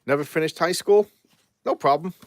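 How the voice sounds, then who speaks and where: A man's voice: a little high, normal speed, no echo. A man reviewing comic books in a casual live chat, rambling and often repeating and restarting his words.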